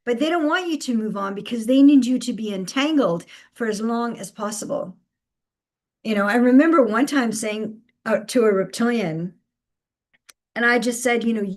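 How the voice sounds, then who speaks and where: A woman's voice: fairly high pitch, animated, measured pace. A woman hosting a live spiritual guidance stream, speaking emphatically, repeating key phrases and laughing between points.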